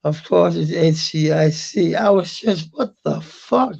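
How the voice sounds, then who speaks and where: Gravelly man chatting on a stream. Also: a little high, unhurried, hardly any pauses. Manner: rambling, swears often, laughs at chat comments. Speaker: livestreamer. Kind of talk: casual live chat. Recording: muffled lo-fi stream audio.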